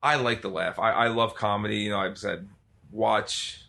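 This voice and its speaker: Bright-voiced enthusiastic man. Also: lowish voice, steady tone, normal speed, gravelly. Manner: loose, profane, enthusiastic. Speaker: podcast co-host. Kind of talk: casual chat.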